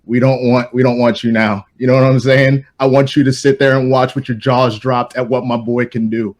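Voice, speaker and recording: A man's voice: medium pitch, flat delivery, normal speed. A passionate man speaks with strong emotion, tripping over his words and falling into slang. His voice sits in a middle range. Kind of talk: emotional casual chat.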